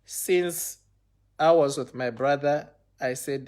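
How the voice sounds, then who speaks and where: A man's voice: mid-range voice, takes it slowly, darkish tone. A young man telling a personal story on a livestream in a casual, rambling way, often repeating himself and checking in with viewers.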